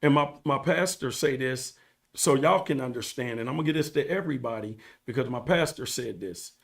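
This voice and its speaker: A man with a mid-range, slightly creaky voice talks a little fast and animatedly. He's a podcast guest telling his story in a casual interview, earnest and preachy, repeating phrases for emphasis.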